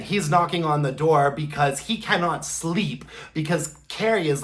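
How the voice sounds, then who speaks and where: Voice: medium pitch, normal speed, hardly any pauses, fairly bright tone. A vlogger giving a casual, rambling recap of a TV episode, with lots of "like"s and spoken sound effects. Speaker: candle review vlogger.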